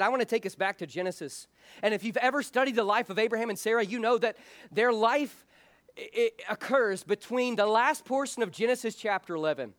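A male pastor with a high-pitched voice preaching a sermon. He talks in an earnest, frank way and often repeats the start of a phrase. The sound is close and dry, with no room echo. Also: fairly bright tone.

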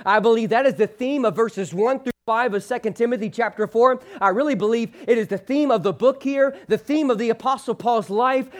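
A male pastor preaching a sermon. He leads the congregation in call-and-response, slows hard on the key phrase, and lets his phrase endings drop low and soft. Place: church sanctuary with a screen behind him.

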